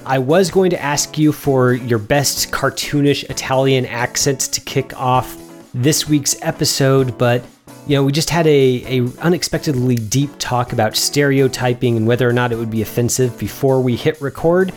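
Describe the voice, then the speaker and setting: A man's voice: medium pitch, normal speed, faint music behind. A man co-hosting a film podcast, rambling in self-mocking jokes with stumbling restarts. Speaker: podcast co-host. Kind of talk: casual podcast banter.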